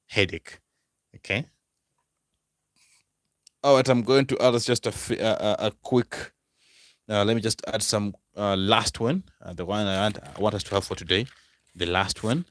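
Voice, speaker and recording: Guy tutoring german words, super slow and repetitive, bright tense voice, dry room. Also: on the low side, animated, dry recording. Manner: slow, repeats each word several times and asks the viewers questions. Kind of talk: teaching German vocabulary.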